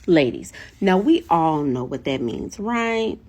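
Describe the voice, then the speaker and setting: A woman telling a personal story to camera in a casual storytime, animated and laughing, acting out quotes. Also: slow, slightly rough. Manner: animated, laughing, acts out quotes with big pitch jumps. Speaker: storyteller vlogger.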